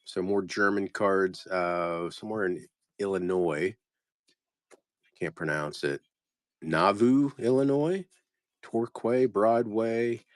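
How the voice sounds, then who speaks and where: A postcard reseller casually comments while sorting through postcard lots, muttering place names one by one and trailing off. His voice is lowish, recorded in clean studio sound with no echo.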